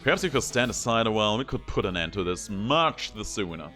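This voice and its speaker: A man's voice: fairly low pitch, big pitch swings, fairly quick, pushed and bright, soft background music. A man voicing a flowery, theatrical male master of ceremonies who speaks in grand, old-fashioned, courtly phrases. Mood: mock-worried.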